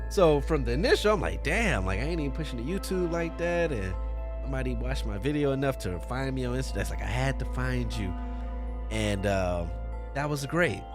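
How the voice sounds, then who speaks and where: A man talks alone into his podcast mic in a room with a fan going. His voice is animated and swoops around as he cracks jokes, curses freely and plugs his pages. Faint music plays underneath. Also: medium pitch, moderate pace. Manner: loose, profane, joking, plugs his channels. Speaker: podcast host. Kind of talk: casual solo podcast monologue.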